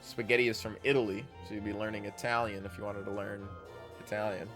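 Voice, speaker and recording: A man's voice: on the low side, level tone, quick pace, over music. A man streaming a game, reading its text aloud and rambling casually with his chat, correcting himself as he goes.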